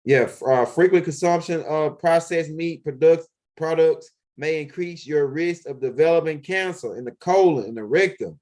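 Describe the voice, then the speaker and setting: A man's voice: fairly high pitch, moderate pace, few pauses, a little mellow. Profane, rambling man vlogging at home. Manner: loose, profane street talk with many fillers. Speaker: video blogger. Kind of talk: casual rambling monologue. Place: at home, walking around the house and backyard.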